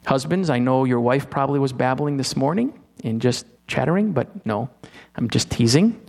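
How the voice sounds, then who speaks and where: A man preaching a sermon, teasing his listeners with rhetorical questions and slowing down to stress key words. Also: medium pitch, creaky, a little mellow.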